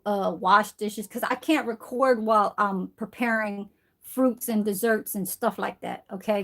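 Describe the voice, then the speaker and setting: A woman chats casually into her phone camera at home. Her voice sits a touch high, and she rambles from one aside to the next, swearing freely and checking in with a quick "okay?" as she goes. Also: fairly bright tone. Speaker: vlogger. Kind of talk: casual vlog chat. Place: at home, indoors.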